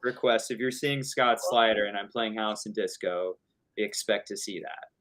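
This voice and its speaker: A young adult man, a DJ guest on a video-call interview, telling a story in a casual, animated way with swearing and laughter. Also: on the low side, normal speed.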